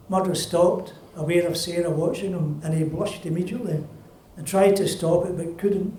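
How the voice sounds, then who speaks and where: An older Scottish man, an author, reading from his novel in a plain, unhurried way at a festival event. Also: high-pitched, fairly even intonation, mellow. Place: festival venue. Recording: roomy, distant live reading.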